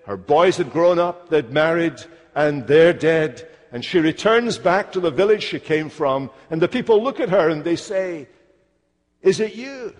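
A man preaching a sermon, slow and emphatic, stressing key phrases. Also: a little high, animated. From Scotland. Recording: long hall reverb.

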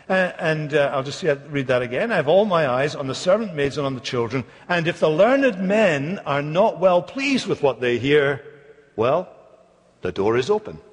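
Scottish male pastor, husky mid-high voice, emphatic sermon delivery in a reverberant church hall. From Scotland. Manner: emphatic, repeats words for effect, mimics mocking voices.

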